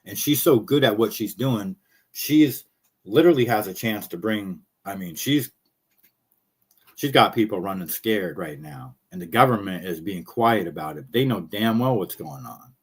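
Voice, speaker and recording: Host, male, lowish voice, rants bluntly and swears a lot, hoarse from talking. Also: expressive. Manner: blunt, profane, fast-talking. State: losing his voice. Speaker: show host. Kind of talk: casual ranting commentary.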